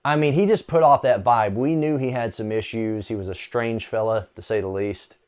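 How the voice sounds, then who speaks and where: A man recounting a personal testimony in a loose, chatty way. His voice sits at an ordinary, mid-range pitch, and he drifts through the story with easy fillers, like he is talking to a friend. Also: moderate pace, clear, resonant tone. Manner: conversational, relaxed, with frequent "uh" and "you know". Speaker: storyteller sharing a faith testimony. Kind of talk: casual spoken testimony.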